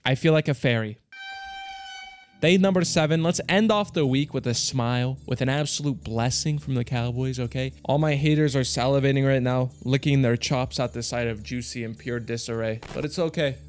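A young man giving hyped, profane commentary over a slot game, jumping between mutters and loud yells. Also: mid-range voice, normal speed. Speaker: slots streamer.

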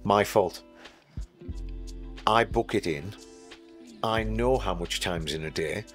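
A middle-aged man talks in a fairly low voice, chatty and self-mocking, often jumping up in animated bursts. Faint music plays softly under him. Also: slow. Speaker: interview guest. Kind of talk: casual storytelling.

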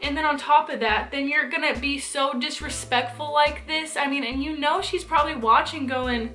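A woman's voice: high voice, brisk, few pauses, sharp tone, soft background music. A young woman giving her opinions in a casual commentary vlog, chatty and full of fillers. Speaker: vlogger.

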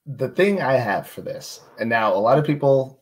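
A man's voice: mid-range voice, animated, moderate pace, breathy edge. A man talking as a guest on a casual sports podcast, laid-back and loose, with frequent fillers. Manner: laid-back, many fillers and restarts, jokes about his announcer voice.

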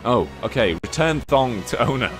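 A man streaming a video game, chatting casually, reading its text aloud, swearing and yelping with excitement. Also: normal speed. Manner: excitable, swears and laughs, jumps into high yelps. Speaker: livestreaming gamer. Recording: game music playing under the voice. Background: game music.

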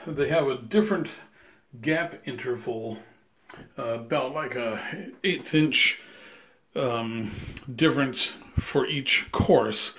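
A man giving a casual step-by-step how-to walkthrough of his tiling work in a bathroom under renovation, with frequent "uh" and "um". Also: medium pitch. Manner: plain step-by-step explaining, frequent "uh" and "um". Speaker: tile installer.

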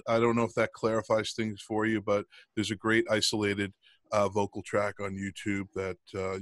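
A man's voice: on the low side, fairly bright tone, no echo. A middle-aged man co-hosting a podcast in casual chat, rambling with lots of ums and restarts. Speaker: podcast co-host.

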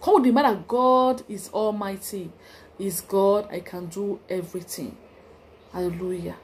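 A woman's voice: mid-range voice, measured pace, darkish tone, slight background noise. A woman with a Nigerian accent, hosting a channel and preaching a devotional message, exhorting listeners with emphatic, repeated phrases.

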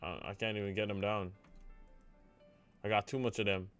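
A young man with a fairly low voice speaks at a moderate pace over soft background music. He's streaming a live game, chatting excitably with his viewers and crying out in dismay whenever a play goes wrong.

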